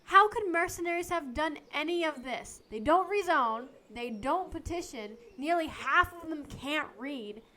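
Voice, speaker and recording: A woman's voice: high-pitched, animated, a little slow, few pauses, bright, forceful tone, full character voice. A woman voicing a practical young assistant who speaks dryly and matter-of-factly in an amateur fan dub. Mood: deadpan. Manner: dry, matter-of-fact.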